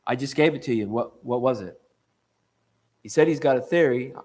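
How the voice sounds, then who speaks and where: A man giving an evening church talk, lively and conversational, often restarting and checking in with questions to the room. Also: mid-range voice, normal speed. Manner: animated, repeats and restarts, asks the room questions. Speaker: preacher.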